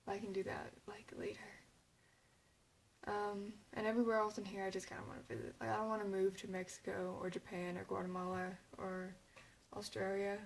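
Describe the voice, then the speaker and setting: A woman's voice: mid-range voice, level tone, brisk, creaky, a little hiss or hum, low-quality recording. Young woman rambling in a casual vlog. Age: young adult. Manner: rambling, full of "like" and fillers. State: emotional, near tears. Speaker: vlogger. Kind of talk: casual chat to camera.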